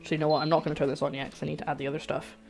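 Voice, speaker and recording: A young woman hosting a live cooking stream, talking through her steps in a relaxed way. Her voice sits a little low for a woman. Faint music plays behind her. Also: racing, creaky. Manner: relaxed, explaining steps as she cooks. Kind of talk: casual chat while cooking.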